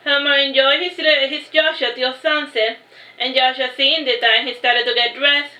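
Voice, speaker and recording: A woman's voice: high-pitched, fairly even intonation, moderate pace, pushed and bright. A woman reading her own novel aloud as an audiobook narrator, unpolished, with frequent restarts. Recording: roomy echo.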